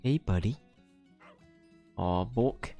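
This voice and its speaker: A man's voice: on the low side, extremely slow, vocal fry, dark tone, soft background music. A man streaming a video game, reading its dialogue aloud with casual, joking asides. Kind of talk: casual let's-play commentary.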